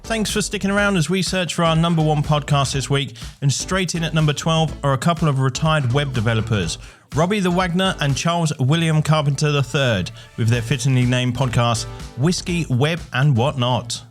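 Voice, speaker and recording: A man's voice: a little high, moderate pace, soft background music. A man hosting a podcast chart countdown in an upbeat presenter style. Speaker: chart show host.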